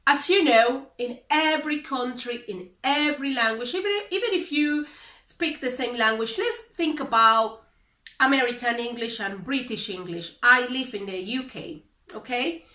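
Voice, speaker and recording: A Spanish teacher from the Dominican Republic, speaking English with a Dominican Spanish accent, explaining things deliberately and correcting common claims. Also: female voice, on the high side, bright, forceful tone. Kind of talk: explanatory lesson to camera. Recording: echoey room, mic at a distance.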